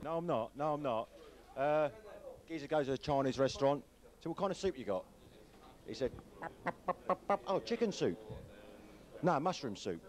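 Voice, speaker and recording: A man's voice: mid-range voice, animated, a little fast, long pauses, a little mellow. Self-mocking man telling a joke.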